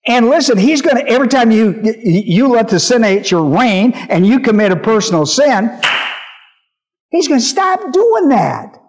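Male pastor, high voice, emphatic Bible teaching, repeats points and checks the room. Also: normal speed. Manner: emphatic, repeats key phrases, checks listeners' understanding.

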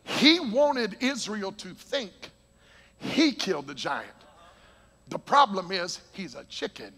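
A male preacher with a very high, bright voice, raspy and gravelly, who swings between fervent shouts and quiet storytelling. He preaches in a church sanctuary, and a long reverb rings after each phrase. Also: slow pace. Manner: shouting, excitable, and laughing between points. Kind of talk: Pentecostal sermon.

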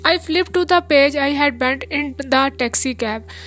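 High female reader, steady audiobook narration, faint music under. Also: normal speed.

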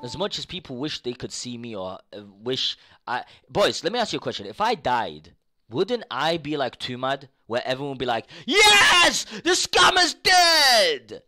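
Bright-voiced ranting young male streamer. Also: mid-range voice, very animated, fairly quick. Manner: swears freely, swings between mutter and outbursts; repeats himself insistently. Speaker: live streamer. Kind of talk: casual rant to chat.

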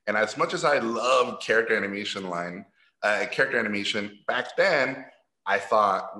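A middle-aged man from Mexico telling stories at a talk, animated and laughing as he acts out the people he quotes. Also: lowish voice, normal speed. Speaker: guest animator. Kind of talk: casual storytelling at a talk. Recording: roomy echo.

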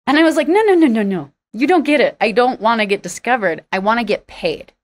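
A woman, a singer-songwriter, telling her story in a casual interview, candid and a bit sarcastic, acting out quoted lines with big jumps in pitch. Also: expressive, fairly quick.

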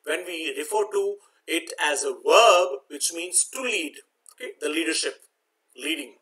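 Male teacher for an exam-prep lesson. Spells words letter by letter, repeats points patiently, voice bright and a little high. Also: expressive, unhurried, rough recording. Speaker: English teacher.

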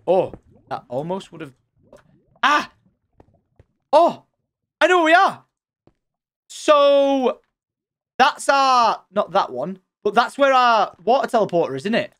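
Excitable young man with a bouncy pitch. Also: takes it slowly, long pauses. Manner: excitable, chatty, thinking aloud while playing. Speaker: gaming channel host. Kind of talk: excited Let's Play commentary.

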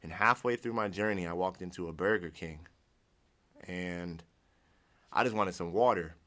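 Low-pitched and fairly bright, a young man from Ohio, United States, speaks at normal speed while giving his personal testimony. He wanders casually, starts sentences over, and acts out what he once said.

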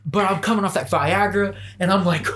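Podcast guy rambling through a wild made-up story, keeps cracking up, lots of loud noise in the recording. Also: sits high, brisk. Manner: rambling, escalating, often laughing mid-sentence. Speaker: podcast host. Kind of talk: crude comic storytelling among friends.

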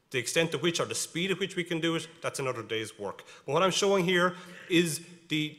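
A man's voice: on the high side, fairly bright tone. A man with an Irish accent giving a conference talk on cattle breeding, emphatic and explaining step by step. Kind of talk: conference presentation with slides. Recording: reverberant hall.

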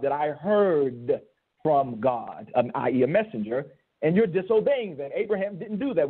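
Husky-voiced man debating over a tinny line. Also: medium pitch. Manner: emphatic, repeats key phrases for stress. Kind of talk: debate rebuttal. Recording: tinny phone-line audio.

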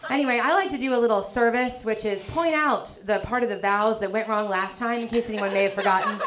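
Woman doing stand-up before a laughing crowd. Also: on the high side. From American South. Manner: dry, teasing delivery with quick punchlines. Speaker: stand-up comedian. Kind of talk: stand-up comedy set. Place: comedy club stage. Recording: live club with loud crowd laughter. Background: audience laughter.

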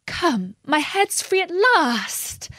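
Lady doing a sweet high little girl, earnest and kinda anxious, slow lively delivery. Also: dry recording, clean studio sound. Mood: bewildered. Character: bewildered polite young girl. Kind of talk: storybook read-aloud.

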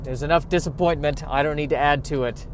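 Rambling self-deprecating man, slightly high voice. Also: fairly even intonation, quick pace, slight background noise. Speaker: podcast host. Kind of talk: casual monologue. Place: in a car while driving.

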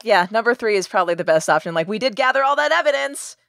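A woman playing a tabletop role-playing game, joking and quick. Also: medium pitch, expressive, vocal fry, a bit bright, dry recording, clean studio sound. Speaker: player.

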